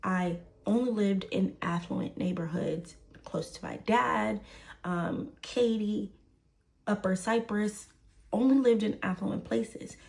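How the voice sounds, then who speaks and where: This is a young woman with a Southern Houston accent telling a messy personal story in a storytime vlog. Her voice has a noticeable gravelly fry at mid pitch. She keeps it casual and lively, acting out each quoted line. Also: slow pace. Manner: animated, acts out the quoted voices, repeats lines for emphasis.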